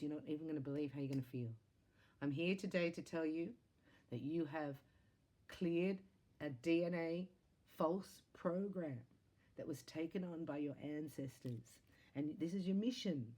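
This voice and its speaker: A psychic tarot reader, a woman with a low, warm, mellow voice, gives a spiritual reading directly to camera for her viewers. Her monologue is chatty and excitable, punctuated by laughter and quick exclamations.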